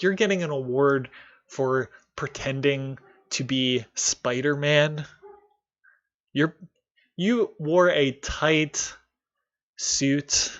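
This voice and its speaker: A man's voice: medium pitch, a bit bright, lo-fi sound. A man hosting a live stream, reacting to a video with candid, sarcastic commentary and frequent laughs. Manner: candid, sarcastic, laughs often, mocking voices.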